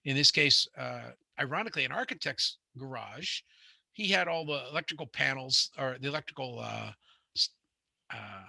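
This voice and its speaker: A man's voice: medium pitch, expressive, moderate pace, gravelly, bright, forceful tone, no echo. A middle-aged man, teaching a home inspection class in a rambling, conversational way, full of fillers and restarts. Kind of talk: classroom lecture with anecdotes.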